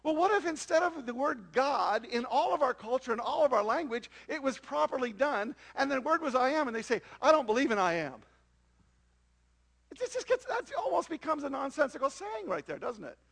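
A man's voice: extremely high pitch, very animated, fairly quick, vocal fry, fairly bright tone. A man preaching a sermon to a congregation, often asking them rhetorical questions. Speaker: pastor.

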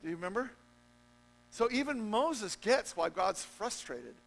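A man preaching a sermon as pastor, joking with the congregation and swinging between loud emphatic peaks and low, quiet stretches. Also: animated, unhurried, creaky, low-quality recording. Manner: jokey, conversational asides to the congregation.

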